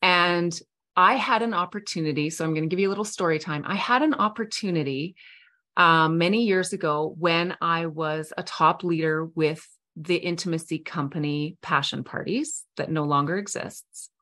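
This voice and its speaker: A middle-aged woman hosting a podcast, telling a personal story in a heartfelt, earnest way with soft pauses. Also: fairly low pitch. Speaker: podcast host. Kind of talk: reflective storytelling monologue.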